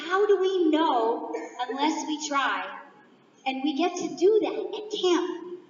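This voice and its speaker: A woman with a high voice takes her time, drawing the audience into a playful motivational speech. She sounds far from the microphone in a large, echoing hall, and the sound is a little dull. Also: a little hiss or hum. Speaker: conference speaker.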